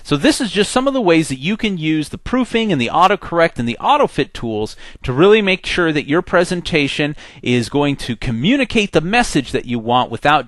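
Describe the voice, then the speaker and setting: A man teaching a software tutorial in a conversational, step-by-step way. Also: a little high, no echo. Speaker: software instructor. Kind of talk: screen-recorded tutorial.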